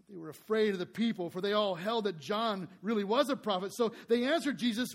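A man preaches a sermon in a high, light voice. He is earnest and keeps turning to the congregation with rhetorical questions. When he reads scripture aloud, he gives the words weight and emphasis. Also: brisk, hardly any pauses.

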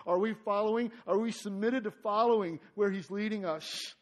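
A man preaching a sermon as pastor. He gets louder and higher when stressing a point, then drops to a soft, quiet tone in prayer. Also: moderate pace, few pauses.

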